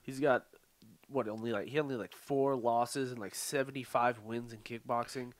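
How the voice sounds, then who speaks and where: A man's voice: mid-range voice, fairly even intonation, normal speed. A man co-hosting a podcast, chatting casually in a laid-back, profane way and laughing often. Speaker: podcast co-host. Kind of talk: casual chat.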